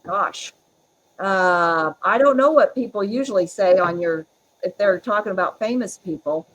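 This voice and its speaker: A middle-aged woman, chatting as a podcast guest, strong-willed and quick to laugh. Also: mid-range voice, fairly bright tone, poor audio. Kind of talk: casual interview chat.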